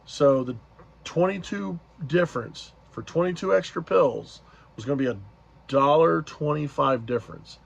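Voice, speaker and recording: A man's voice: a little high, moderate pace, gravelly, muffled recording. A man casually retelling an event as a vlogger, rambling along with many fillers and restarts. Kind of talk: casual storytelling recap.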